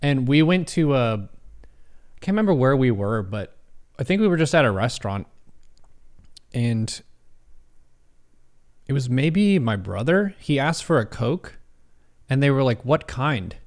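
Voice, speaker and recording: A young man from the United States chats his way through an online quiz on a live stream. His pitch sits at an everyday middle level, and his delivery is loose and conversational. He reads each question aloud, jokes and throws in the odd swear word. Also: sing-song, unhurried, long pauses, a little mellow.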